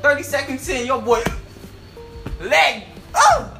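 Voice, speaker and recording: A man's voice: very high-pitched, wildly swooping pitch, takes it slowly, gravelly, roomy sound, music in the background. A young man in crude casual chat, boisterous and swearing, acting out stories with quoted voices. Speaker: co-host.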